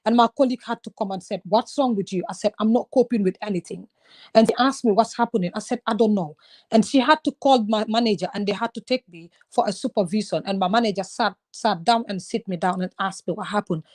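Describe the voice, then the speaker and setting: A woman's voice: medium pitch, fast talker, a little mellow. A woman from Gambia, talking openly and earnestly in a casual conversation about her own experiences. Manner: earnest, open, confiding. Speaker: guest sharing personal experience.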